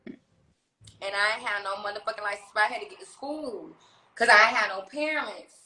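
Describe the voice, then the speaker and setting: A woman rapper chatting on a livestream, telling stories in a brash, profane, animated way. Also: medium pitch, normal speed, roomy sound, slight background noise, low-quality recording. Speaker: rapper on tour, guest on a livestream. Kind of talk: casual livestream chat. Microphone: phone.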